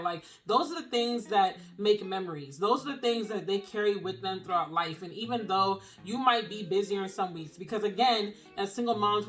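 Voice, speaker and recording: A woman's voice: medium pitch, fairly bright tone. A young woman, speaking earnestly and emotionally to camera as a single-mom vlogger, using casual phrasing. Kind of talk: heartfelt encouraging talk to camera.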